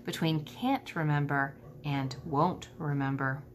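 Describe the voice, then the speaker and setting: A woman voicing a wise, kind old female elephant in a storybook read-aloud, speaking gently and quietly. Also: fairly low pitch, lively intonation, moderate pace, a little hiss or hum. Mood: gentle.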